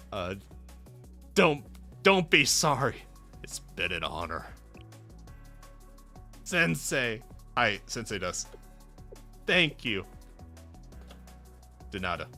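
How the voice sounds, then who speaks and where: A man's voice: medium pitch, very slow, pauses often. A man streaming a game, joking around casually as he reads its dialogue aloud. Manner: jokey, animated, playful. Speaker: VTuber streamer. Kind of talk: casual livestream commentary and dialogue reading. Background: faint background music.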